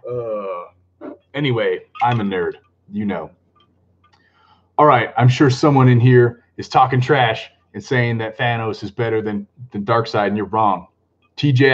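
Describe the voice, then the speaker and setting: A man chatting casually on a live stream, excitable and talkative, greeting viewers and laughing often. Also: medium pitch, highs cut off. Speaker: comic book vlogger hosting a live stream.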